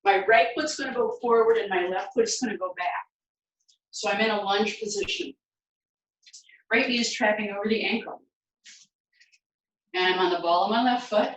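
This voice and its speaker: A woman fitness instructor leading a guided home workout, counting reps aloud and giving steady encouraging cues. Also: medium pitch, normal speed, long pauses. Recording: very echoey room, mic far away.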